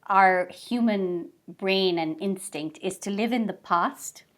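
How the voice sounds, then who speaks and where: A woman's voice: mid-range voice, takes it slowly. A woman guest in a studio interview, patiently explaining ideas with everyday examples and frequent check-ins with her listener. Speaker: guest mindfulness expert.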